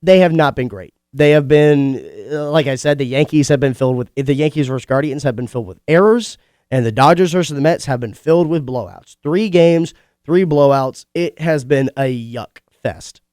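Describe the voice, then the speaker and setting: A man's voice: fairly high pitch, a little mellow, clear, resonant tone, no echo. Stuffy-nosed young guy doing college radio sports talk, opinionated, dry studio sound. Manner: opinionated, chatty, quick asides. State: congested. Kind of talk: casual sports talk monologue.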